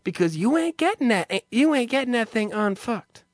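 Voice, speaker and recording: A man's voice: very high voice, sing-song, moderate pace, dry recording, studio quality, voice pushed up. A man voicing a chatty male drive-thru clerk with a lilting way of drawing out his questions. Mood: sassy.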